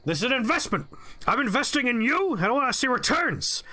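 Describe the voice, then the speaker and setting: A man's voice: extremely high pitch, sing-song, fast talker, pushed and bright, voice pushed up, heavily acted. A man putting on a raging, frantic middle-aged boss who screams and rants over and over. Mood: frantic ranting. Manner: screaming, frantic, repetitive ranting.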